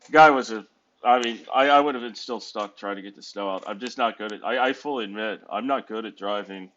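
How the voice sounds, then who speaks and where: A tired American man vlogs from a hotel room in a casual, rambling monologue, correcting himself and making wry remarks. His voice is fairly low, fairly bright, and a little quick, with lo-fi sound.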